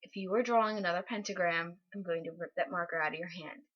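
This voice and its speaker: A woman's voice: on the low side, fast, highs cut off, pitched below the performer's own voice, lightly acted. A woman voicing an annoyed teenage boy who grumbles a stern threat. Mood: threatening.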